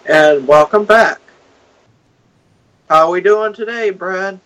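A man's voice: sits high, slow, fairly bright tone, poor audio. A man co-hosting a podcast in an upbeat, joking way. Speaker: podcast co-host. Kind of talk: casual podcast chat.

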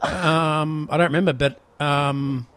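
A man's voice: fairly high pitch, fairly even intonation, measured pace, fairly bright tone, smooth, no echo. A man with an Australian accent hosting a podcast in casual, chatty talk, often saying mate. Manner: chatty, laughs easily, says mate a lot. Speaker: podcast host. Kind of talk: casual chat.

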